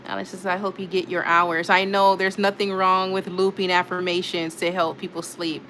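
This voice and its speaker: A woman's voice: fairly low pitch, little pitch movement, normal speed, fairly bright tone, a little hiss or hum. A woman hosting a casual live stream, chatting and laughing as she reads out comments from her viewers. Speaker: livestream host reading chat.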